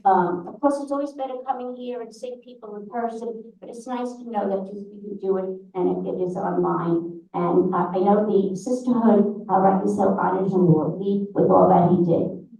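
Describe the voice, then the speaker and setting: A woman's voice: medium pitch, a little mellow, far from the mic. New York woman in an echoey hall. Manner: chatty, halting, with many restarts. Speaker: presenter thanking volunteers at a congregation's annual meeting. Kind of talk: informal meeting remarks. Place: synagogue meeting hall. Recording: very echoey hall, voice away from the mic.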